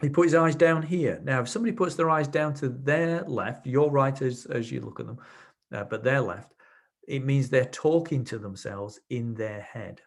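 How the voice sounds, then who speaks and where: A man with a gravelly, medium-pitched voice at normal speed teaches a webinar as an NLP trainer. He explains his ideas through anecdotes from his sessions and frequently restarts his sentences.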